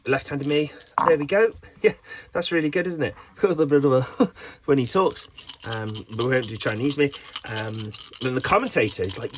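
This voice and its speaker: A man's voice: medium pitch, animated, moderate pace, noisy background. A man hosting his own channel, rambling through a jokey, self-mocking explainer. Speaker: channel host.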